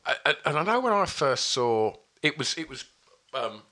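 A man's voice: medium pitch, moderate pace. A man hosting a podcast, telling stories in casual chat with lots of swearing. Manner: animated, swearing storyteller. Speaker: podcast host.

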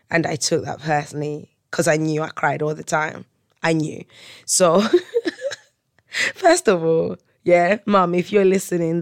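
A podcast host telling funny childhood stories in an animated way, often laughing and playing up the drama. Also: mid-range voice, no room sound, clean studio sound. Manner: animated, laughing, comic exaggeration. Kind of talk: solo storytelling chat. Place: hotel room.

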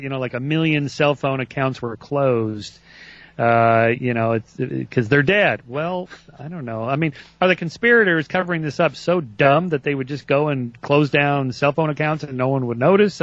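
A man's voice: mid-range voice, no echo, lo-fi sound. A man talking as a guest author in a casual interview, rambling with many fillers and restarts.

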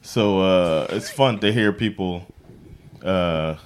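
A man's voice: deep voice, slow, smooth. A man co-hosting a podcast, chatting in an enthusiastic, filler-heavy way. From Sweden. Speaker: podcast co-host. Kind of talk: casual chat.

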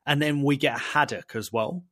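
A man's voice: on the high side, moderate pace, no room sound, clean studio sound. A young British man co-hosting a podcast, chatting casually with playful slang and jokes. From United Kingdom. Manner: lively, jokey, playful slang. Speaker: podcast co-host.

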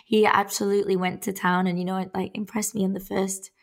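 A woman co-hosting a podcast, chatty and gushing, quick to gasp and laugh. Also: medium pitch, level tone, gravelly. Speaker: podcast co-host. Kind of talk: casual podcast chat.

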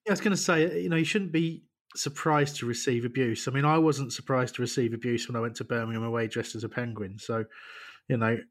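A man co-hosting a casual football podcast, sarcastic and quick to laugh. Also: mid-range voice, steady tone. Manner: jokey, sarcastic, laughs often. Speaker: podcast co-host.

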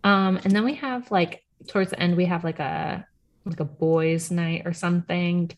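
A woman's voice: fairly low pitch, fairly even intonation, moderate pace, slight background noise. A young adult woman co-hosting a podcast in casual chat, sarcastic, laughing often and swearing freely. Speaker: podcast co-host.

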